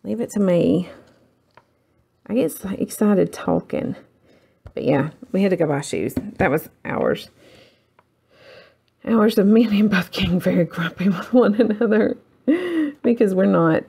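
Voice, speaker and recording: A middle-aged woman chats her way through a crafting tutorial. Her voice has a gravelly, creaky texture at a middling pitch. She rambles and pokes fun at herself while her hands stay busy. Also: a little mellow. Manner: rambling, self-deprecating, talks while working. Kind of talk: casual chatty crafting tutorial.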